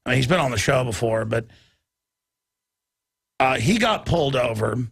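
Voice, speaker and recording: Gravelly, husky man ranting emphatically. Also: medium pitch, animated, moderate pace, dry recording, studio quality. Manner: emphatic, ranting, stammers and restarts. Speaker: talk show host. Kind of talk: heated talk-radio conversation.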